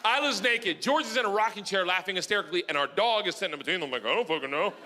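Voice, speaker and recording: A middle-aged man doing a stand-up routine, telling a story loudly and excitably and bursting into shouts. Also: high voice, very fast. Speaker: stand-up comedian. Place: live comedy stage before an audience. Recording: noisy live stand-up recording.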